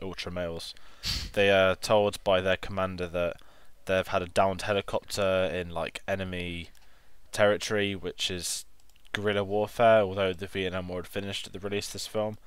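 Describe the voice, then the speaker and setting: A man co-hosting a casual film review, talking in a relaxed, rambling way with lots of "like" and "kind of". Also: sits low, clean tone, no echo.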